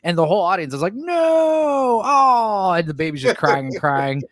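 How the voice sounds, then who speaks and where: A man chatting casually about films, telling stories excitedly, acting out other people's voices and often saying "dude" and "like". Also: fairly high pitch, fast talker, no echo, clean studio sound. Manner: excited storyteller, acts out voices, says "dude" and "like". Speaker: guest. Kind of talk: casual film chat.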